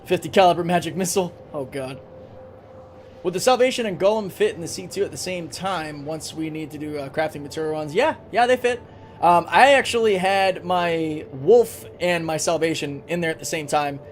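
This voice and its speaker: A man's voice: fairly high pitch, moderate pace, slight background noise. A man live-streaming a game, chatting casually, thinking aloud and answering chat, with a recurring cough.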